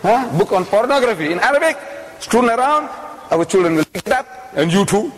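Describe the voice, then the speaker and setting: A man's voice: high voice, lively intonation, fairly quick. Older man lecturing in a reverberant hall. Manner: storytelling, asks the audience questions. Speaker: religious lecturer. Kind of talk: religious lecture to a live audience.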